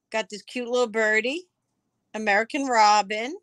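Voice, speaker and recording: A woman's voice: on the high side, slow, a bit bright, dry recording. A woman selling items on a live stream auction, chatting casually, describing each piece as she handles it and answering viewers by name.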